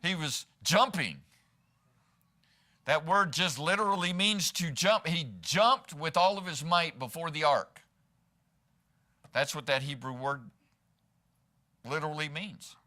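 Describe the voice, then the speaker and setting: This pastor's sermon comes in a fairly high, sharp-toned voice at a measured pace, broken by long pauses. Speaking in a church sanctuary, he's conversational and often asks the congregation "right?".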